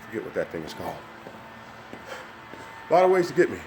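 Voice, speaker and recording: Talking fast in a lowish, sing-song voice with background noise, an older man vlogs while climbing stairs. He's a bit winded but upbeat, encouraging viewers directly in his motivational fitness video.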